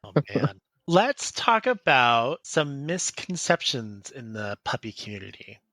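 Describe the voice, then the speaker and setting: A man's voice: mid-range voice, big pitch swings, a little slow, pushed and bright, no room sound. A man co-hosting a podcast, playful and jokey in casual conversation. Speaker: podcast co-host.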